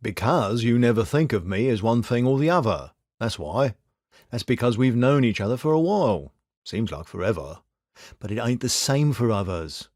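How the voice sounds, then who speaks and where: A man voicing a shrewd, steady young male detective who talks bluntly and wryly. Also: mid-range voice, normal speed, no room sound, clean studio sound, lightly acted. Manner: blunt, wry and reassuring.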